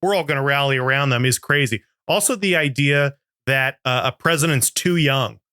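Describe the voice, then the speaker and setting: A man's voice: medium pitch, normal speed, bright, forceful tone, clear, resonant tone, no echo, clean studio sound. A man co-hosting a podcast, chatting casually and joking with frequent laughs. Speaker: podcast co-host. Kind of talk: casual comedic chat.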